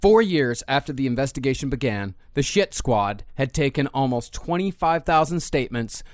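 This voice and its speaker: A man co-hosting a podcast, steadily walking through the facts of a crime case in a mid-pitched voice. The close mic gives a dry sound with no room in it. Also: lively intonation, moderate pace, no room sound. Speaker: podcast co-host. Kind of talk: casual true-crime chat, reading research.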